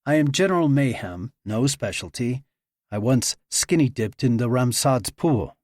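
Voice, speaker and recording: A man's voice: medium pitch, expressive, a little slow, darkish tone, no echo, studio quality. A man voicing a cocky agent in his mid-twenties who talks in a brash, joking way.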